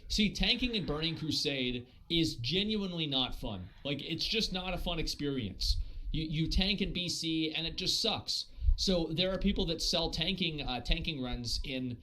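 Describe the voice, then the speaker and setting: A man's voice: on the high side, animated, moderate pace, pushed and bright, low-quality recording. A man streaming live and chatting casually about a game, rambling with lots of filler words and swearing. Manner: rambling, heavy on fillers and profanity. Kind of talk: casual gaming stream chat.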